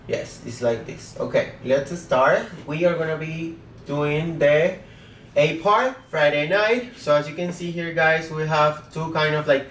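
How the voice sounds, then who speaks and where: Chatty teacher, roomy far-off sound. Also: male voice, on the high side, a bit bright, a little hiss or hum. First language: Spanish. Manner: chatty, says "guys" and "okay?" often. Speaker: Spanish teacher. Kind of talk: casual online language lesson. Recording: roomy echo, mic set back.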